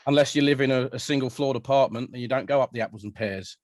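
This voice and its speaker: A man's voice: mid-range voice, fast, a little mellow, no echo. A chatty man hosts an interview over a video call, joking at his own expense and bantering with his guests. The sound is dry and close. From London, England. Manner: chatty, self-deprecating, playful banter. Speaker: radio show host.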